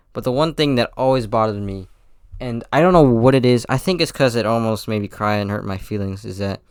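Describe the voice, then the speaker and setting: A man's voice: on the low side, clear, resonant tone, no echo, studio quality. A teenage boy hosting his own podcast, talking in a rambling, hesitant way with many restarts and apologies. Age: teens. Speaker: podcast host. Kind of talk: casual solo podcast monologue.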